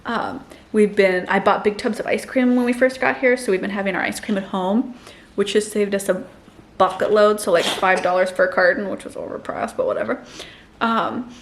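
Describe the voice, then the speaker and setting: A woman's voice: mid-range voice, fairly even intonation, normal speed, a little hiss or hum. A woman in her thirties chatting casually to camera as a mother and vlogger, laughing often and cooing to her baby between tips.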